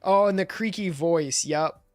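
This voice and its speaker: A man's voice: fairly high pitch, unhurried, no room sound, soft background music. A man livestreaming who chats casually, rambling, swearing and laughing as he talks. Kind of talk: casual stream chat.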